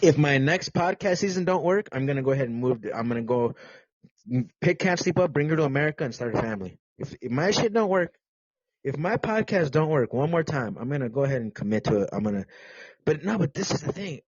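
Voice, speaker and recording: A man hosting his own podcast in a rough, husky voice, rambling and teasing with crude words and frequent restarts. The sound is dry and close, with no room around it. The mic gives a dull, lo-fi tone. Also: fairly high pitch, animated, fast, dry recording. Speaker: podcast host. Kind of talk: casual rambling podcast rant.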